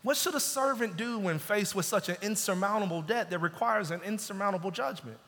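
A man's voice: high-pitched, brisk, a bit bright. A man preaching a sermon as pastor, building in intensity and dropping into pleading asides. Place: church sanctuary. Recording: long church reverb.

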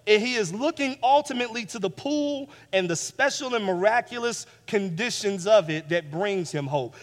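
A male pastor preaches with a high voice, driving home repeated phrases. He drops to near-hush, then swells loud again. His clip-on mic sits in a church hall with a long, lingering reverb. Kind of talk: sermon. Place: church sanctuary.

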